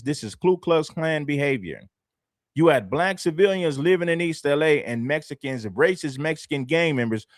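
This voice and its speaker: A man from Los Angeles hosts a commentary livestream, pressing his points with emphatic repetition. His voice sits in a middle pitch and is recorded close and dry, with no room sound. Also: no room sound. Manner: assertive, emphatic, repeats phrases. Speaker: livestream host.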